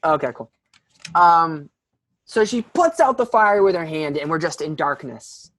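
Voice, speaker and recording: A man's voice: a little high, a little slow. A young man, a podcast guest, telling a story casually with lots of "like" and fillers. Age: young adult. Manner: animated, filler-heavy, frequent "like".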